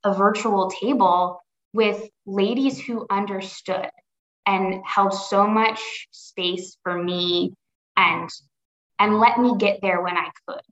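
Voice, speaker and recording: Woman guest, reflective and earnest, mid pitch, echoey lo-fi remote audio. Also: fairly even intonation, fairly bright tone. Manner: earnest and reflective, pausing to rephrase. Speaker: podcast guest. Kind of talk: personal story in a podcast interview. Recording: roomy, dull lo-fi audio.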